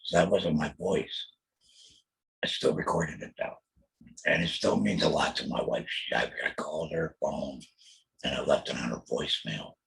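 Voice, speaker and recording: A man's voice: normal speed, a bit bright, low-quality recording. A middle-aged man speaking with an alaryngeal voice after a laryngectomy. He hosts a casual podcast monologue, blunt and profane, and keeps asking "you know what I mean.". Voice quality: very low, rough, gravelly voice. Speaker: podcast host.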